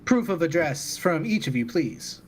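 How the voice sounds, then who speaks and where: A man narrating as dungeon master of a tabletop game in a relaxed, joking way, laughing often. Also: fairly high pitch, measured pace, slight background noise.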